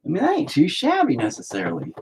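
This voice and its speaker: A man's voice: on the high side, wildly swooping pitch, fast, a little mellow, slight background noise. A man chatting casually while he paints, swearing a lot and mocking himself as he rambles. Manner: profane, self-deprecating rambling. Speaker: painting vlogger.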